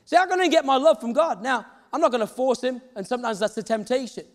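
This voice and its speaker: A man preaches a sermon in storytelling fashion, slipping into the voices of the people he describes. His voice sits very high for a man. The sound carries a long reverb from a big hall. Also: fast. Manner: storytelling, acts out quoted voices. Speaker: pastor.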